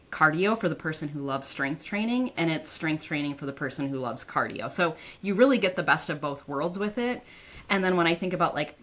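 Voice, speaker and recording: Low-voiced chatty woman guest. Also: fairly bright tone. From northern United States. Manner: chatty, frequent "like" fillers. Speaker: dietitian and author guest. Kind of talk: casual interview talk.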